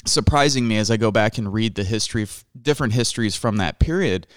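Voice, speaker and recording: A man's voice: on the low side, fast talker, clear, resonant tone, dry recording, clean studio sound. A man hosting an interview, talking casually and rambling a bit, with many "like" fillers. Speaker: host. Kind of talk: conversational interview.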